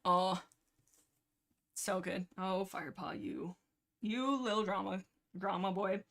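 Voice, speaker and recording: A woman's voice: mid-range voice, steady tone, slow, fairly bright tone. A young woman hosting a livestream, chatting casually about books she loves and acting out lines with playful over-the-top drama. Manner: chatty, giggly, acts out dialogue with exaggerated drama. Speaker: livestream host discussing a book series. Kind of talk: casual rambling book chat.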